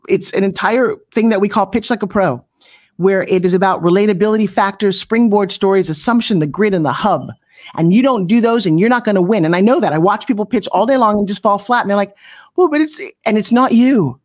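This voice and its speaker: A middle-aged woman coaching people on pitching in an interview, brash and punchy, often slipping into mocking voices. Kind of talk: energetic motivational coaching talk.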